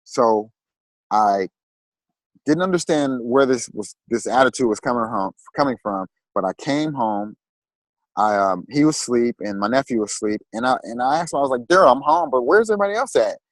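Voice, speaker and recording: A man, a guest on a talk show, telling a personal story in a halting way and repeating words when moved. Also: mid-range voice, dry recording, rough recording.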